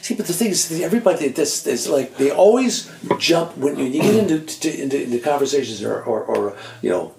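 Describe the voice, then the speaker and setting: Brief: male ex-label exec, lively slightly high voice, emphatic, echoey room. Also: gravelly, background noise. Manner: affirming, emphatic, halting restarts. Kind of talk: casual conversation.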